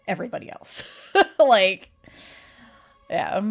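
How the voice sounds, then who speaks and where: A woman's voice: medium pitch, lively intonation, unhurried. A young adult woman streaming a casual chat, laughing often and swearing casually. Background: faint music.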